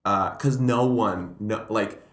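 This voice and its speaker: A man's voice: lowish voice, takes it slowly, fairly bright tone. A young man, a comedian and podcast guest, chatting casually and rambling through stories, acting out quoted voices. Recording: roomy echo.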